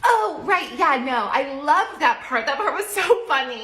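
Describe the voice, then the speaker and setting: A woman's voice: high voice, expressive, normal speed, bright, forceful tone, a little hiss or hum. A young woman in a comedy sketch clip, bubbly and exaggerated. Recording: echoey room with music.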